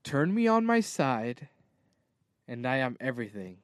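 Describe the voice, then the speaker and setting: A man's voice: mid-range voice, very animated, unhurried, smooth, no room sound, clean studio sound. A young man co-hosting a podcast in casual chat, playful and often trailing off into mumbles. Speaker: podcast co-host.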